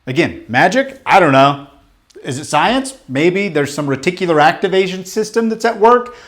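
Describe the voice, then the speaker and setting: A man coaching a live group in a motivational workshop, talking bluntly and emphatically, with casual swearing and rapid questions to the room. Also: high voice, animated, a bit bright. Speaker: business coach leading a training.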